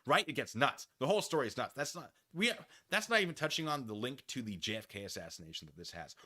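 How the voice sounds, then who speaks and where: Male streamer, lively pitch and bright tone, jokey casual storyteller. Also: fast, few pauses. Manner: animated, jokey, acts out quoted people in silly voices.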